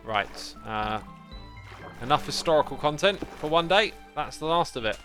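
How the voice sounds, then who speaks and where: A man's voice: a little high, expressive, normal speed, pushed and bright, soft background music. A man streaming a game live, chatting and muttering to himself as he plays. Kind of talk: casual gaming livestream commentary.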